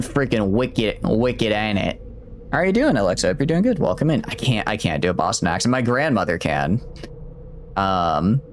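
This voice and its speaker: A man's voice: lowish voice, slight background noise. A man streaming a game, chatting casually and thinking aloud in a rambling way with lots of fillers. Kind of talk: casual gameplay commentary.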